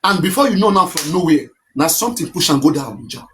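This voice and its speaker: A man with a Nigerian accent talks casually at length on a live stream, circling back and insistently repeating his point. His voice sits a little above the usual male register, with a lively, sharp, fast delivery and a little hiss or hum in the audio.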